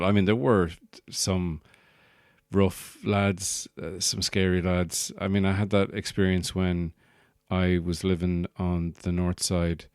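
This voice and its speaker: Deep-voiced rambling Irish comedian. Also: male voice, smooth, no room sound, studio quality. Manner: rambling, jokey, slips into put-on accents. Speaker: podcast host and stand-up comedian. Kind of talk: casual comedic monologue.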